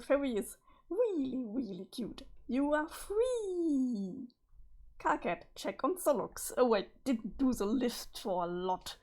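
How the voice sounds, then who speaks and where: A woman's voice: on the high side, a little mellow. A woman, a streamer reading a web comic aloud and chatting, sometimes searching for words. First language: German. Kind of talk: casual read-along commentary.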